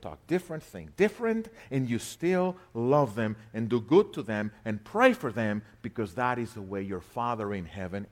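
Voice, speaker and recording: Male preacher, mid pitch, very expressive intonation, loud emphatic peaks and hushed asides. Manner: animated, swinging between loud emphasis and quiet asides; rhetorical back-and-forth questions. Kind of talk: sermon.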